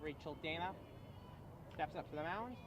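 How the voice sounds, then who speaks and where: A man doing live play-by-play for a high school softball game, calling each pitch in short bursts. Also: normal speed. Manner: terse calls of each pitch. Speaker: play-by-play announcer. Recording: outdoor broadcast with clear background noise.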